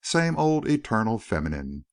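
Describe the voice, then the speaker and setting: Storybook earnest young rancher, read by a man, a bit higher than the narration, animated. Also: moderate pace, no echo, clean studio sound. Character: big warm-hearted young rancher, earnest.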